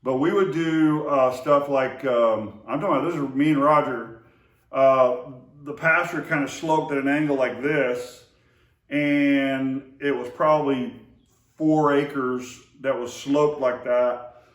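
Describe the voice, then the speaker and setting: A man's voice: medium pitch, steady tone, takes it slowly. A man recalling old times in a casual, rambling way, full of fillers and restarts. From Oklahoma to Texas area. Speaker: storyteller remembering his brother. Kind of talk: casual spoken memories. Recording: roomy echo, voice far from the mic.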